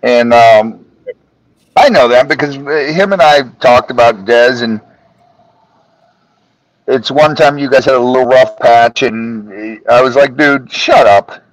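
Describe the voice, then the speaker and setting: A man chatting as a podcast guest, telling animated stories and acting out his friends' lines. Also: mid-range voice, takes it slowly, pauses often, no room sound, low-quality recording. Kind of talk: casual podcast chat.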